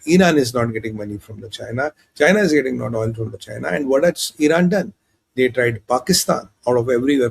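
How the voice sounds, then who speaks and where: A man hosting a show of opinionated geopolitical commentary, who talks in an animated way and acts out leaders in quoted dialogue. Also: mid-range voice, vocal fry, slightly rough. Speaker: host and commentator.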